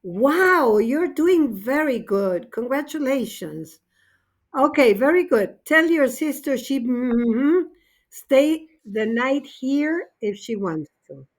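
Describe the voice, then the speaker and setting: A woman teacher runs an English grammar lesson. Her voice sits a little high and she takes her time, spelling out each rule patiently. She keeps cheering the class on, dropping into to gloss words. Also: sing-song. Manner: encouraging, explains grammar slowly and switches to Spanish for glosses.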